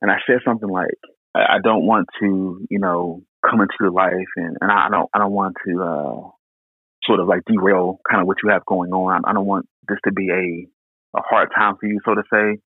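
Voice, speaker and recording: A young man from Houston, Texas, telling a personal story in an earnest, halting way with many restarts. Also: deep voice, steady tone, husky, no echo. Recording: tinny phone-like line.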